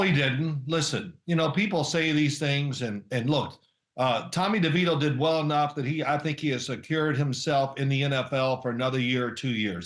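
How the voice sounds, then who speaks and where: An older man, once a quarterback, chats as an interview guest, rambling through anecdotes and chuckling along the way. His voice sits fairly high with a slightly bright quality, and the sound is reverberant.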